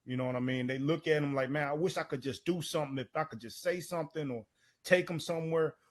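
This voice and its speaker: A man's voice: fairly high pitch, fast. A man, a co-host, asks the guest a question in a loose, rambling way full of "you know". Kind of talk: casual interview talk.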